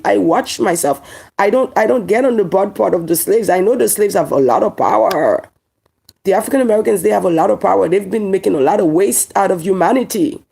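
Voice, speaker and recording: A woman's voice: mid-range voice, creaky, dark tone, breathy edge. A woman from Haiti with a Haitian accent, speaking to camera in a heated monologue. She talks emphatically, repeating lines and firing rhetorical questions. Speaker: online commentator.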